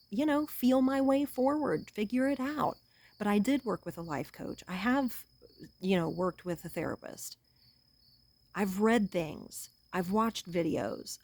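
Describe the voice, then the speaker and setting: A woman giving an earnest, animated pep talk to her viewers, calling them honey. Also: a little high, dry recording. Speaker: self-help vlogger. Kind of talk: encouraging talk to camera.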